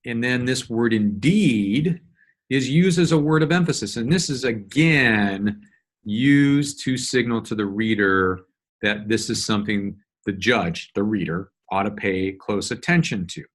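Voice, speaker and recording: A man teaching law in a recorded lecture, walking through a document in a measured, explanatory way with frequent fillers and restarts. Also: fairly low pitch. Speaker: law instructor. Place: solo screen-recorded lecture.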